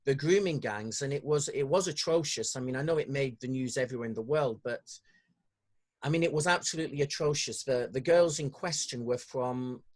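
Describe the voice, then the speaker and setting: A man with a northern English accent hosting an interview podcast, talking in a hesitant way with many pauses and restarts. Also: medium pitch. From northern England. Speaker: podcast host. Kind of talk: conversational interview.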